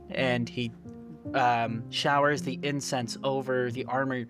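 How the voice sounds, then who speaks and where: A man narrates a tabletop game as its game master. His telling is casual and unhurried, full of small fillers and restarts, with faint music in the background. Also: mid-range voice, flat delivery, fairly bright tone.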